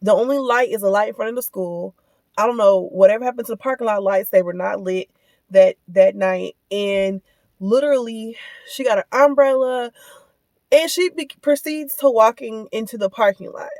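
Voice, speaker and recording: A woman, a mother telling viewers a story in a casual rant, animated and full of asides, recorded on a phone in her car. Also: fairly high pitch, moderate pace, dry recording. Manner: animated, lots of asides and direct address to viewers. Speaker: vlogger and mother. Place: in a car, on the way to pick up kids.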